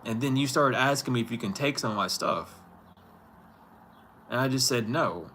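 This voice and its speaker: A man's voice: mid-range voice, lively intonation, moderate pace, a bit bright, a little hiss or hum. A man vlogging in a casual, incredulous way, chuckling as he argues back at someone unheard. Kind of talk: casual spoken monologue. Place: outdoors on a street.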